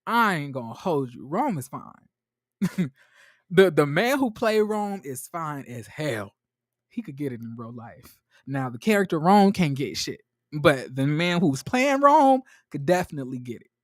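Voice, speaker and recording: Animated man gossiping through a recap. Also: a little high, a little slow, no room sound, clean studio sound. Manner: animated, gossipy retelling with acted-out quotes. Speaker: TV review host. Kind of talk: casual recap vlog.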